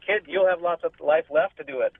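A male radio caller heard over a thin phone line, blunt and matter-of-fact. His voice sits a bit high for a man. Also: vocal fry.

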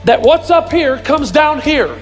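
A male pastor delivers a sermon to a congregation, his voice pitched very high. He hammers his points and rises into shouts. The sound carries a long, ringing hall reverb. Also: big pitch swings, measured pace, soft background music. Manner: emphatic, swings to shouted points.

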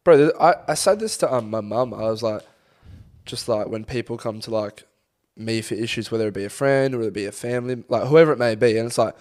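A man's voice: mid-range voice, fast, darkish tone. Young aussie dude on a podcast, swears a lot, roasts people, just chatting with his mate. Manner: blunt, sweary, laddish banter. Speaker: podcast co-host. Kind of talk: casual chat.

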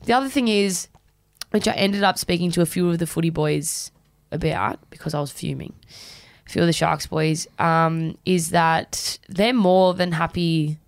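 Young aussie woman on a podcast, lowish gravelly voice, dry close studio sound, animated storyteller. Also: normal speed, no room sound. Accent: Australian. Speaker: podcast co-host. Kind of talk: casual chat.

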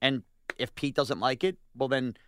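A man's voice: medium pitch, steady tone, moderate pace, a bit bright, clear, resonant tone, dry recording, clean studio sound. A man co-hosting a sports radio show, complaining with indignant, rising outbursts. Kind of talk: animated sports radio banter.

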